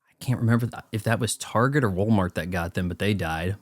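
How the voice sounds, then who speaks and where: A man's voice: fairly low pitch, fast, no echo, studio quality. A man giving casual movie watch-along commentary, riffing sarcastically in a rambling way. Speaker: film commentator.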